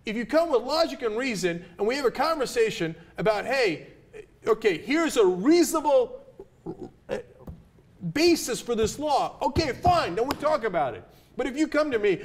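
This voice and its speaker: A male host, fed up, swears his way through an angry opinion segment. His voice sits very high and moves a lot. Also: big pitch swings, normal speed. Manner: profane, exasperated. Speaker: talk show host.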